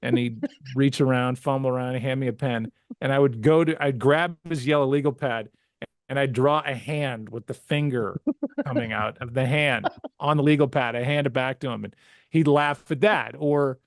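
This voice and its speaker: A man who works as a sportscaster, telling animated anecdotes as an interview guest, often restarting his sentences. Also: medium pitch, normal speed, dry recording, clean studio sound. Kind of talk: casual storytelling interview.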